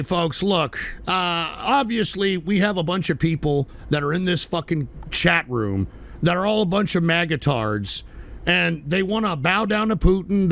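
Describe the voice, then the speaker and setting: A man's voice: high-pitched, creaky. A man hosting a talk radio show, reading out paid chat messages and answering them in an angry, profane political rant. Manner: angry, loud, swearing, shouting at viewers.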